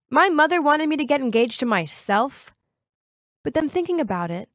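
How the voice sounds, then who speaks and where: A woman in her twenties narrating a first-person story in a lively, confiding way. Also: on the high side, dry recording, studio quality.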